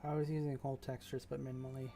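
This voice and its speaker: A man talks half to himself, muttering and trailing off as he builds a game map. His voice sits in a middle register. Soft music and keyboard clicks play quietly behind him. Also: mid-range voice, little pitch movement, racing, creaky. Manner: mutters and thinks aloud, trailing off. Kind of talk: casual commentary while working.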